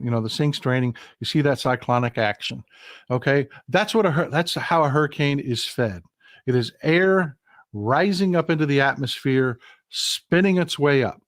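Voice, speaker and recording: A man's voice: medium pitch, animated, moderate pace, no echo, studio quality. A middle-aged man from Texas hosting a casual political livestream, telling stories in a folksy, hot-tempered way and calling his viewers folks. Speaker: livestream host.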